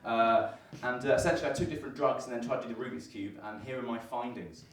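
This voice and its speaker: A man's voice: medium pitch, fairly even intonation, fast talker, distant mic. A young man doing a stand-up comedy set at a student comedy night, with a dry, self-deprecating delivery full of ums and uhs. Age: young adult. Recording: echoey room taped from afar, audible noise. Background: audience laughter.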